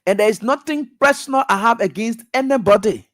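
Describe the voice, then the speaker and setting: A man rails on air as a radio talk show host. His political commentary is fiery, jumping from near-shouting to quiet grumbles. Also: fairly quick. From Liberia. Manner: fiery, swinging from loud outbursts to low muttering. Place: radio studio.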